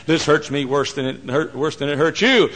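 A man's voice: on the high side, moderate pace, a bit bright, pitched above the performer's own voice. A man voicing a mother eagle who firmly tells her son she must push him from the nest. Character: firm loving mother eagle.

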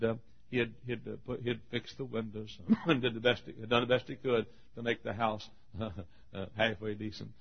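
A man preaching a sermon, telling stories and laughing often between phrases, moving from hushed storytelling to shouted appeals. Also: husky. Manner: swings from hushed storytelling to shouted high-pitched exhortation. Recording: dull lo-fi sermon recording.

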